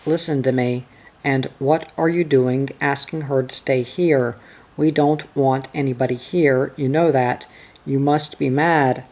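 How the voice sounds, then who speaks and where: Brief: reader voicing a harsh, defensive husband lashing out, slow and mid-pitched. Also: darkish tone. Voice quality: harsh, snapping delivery. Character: angry, defensive farmer husband.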